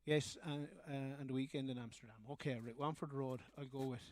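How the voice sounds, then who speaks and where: A man's voice: medium pitch, steady tone, a little fast, a little mellow. An Irish man, a folk singer and guitarist, chatting loosely between songs on a live stream, often trailing off and restarting.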